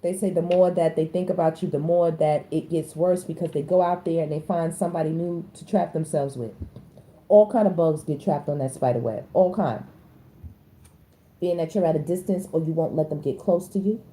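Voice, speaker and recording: A woman, doing a casual tarot reading in a blunt, slangy and animated way. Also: normal speed. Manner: animated, slangy, blunt, with sudden high-pitched exclamations. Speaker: tarot reader.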